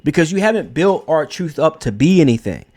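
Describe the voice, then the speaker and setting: A young man talks through his take in a casual, unscripted way, blunt and emphatic and sprinkled with profanity. He restarts sentences and leans on fillers as he thinks aloud. His voice sits a little higher than most men's. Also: sing-song, moderate pace, a little mellow. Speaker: wrestling commentary host. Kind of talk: casual opinion commentary.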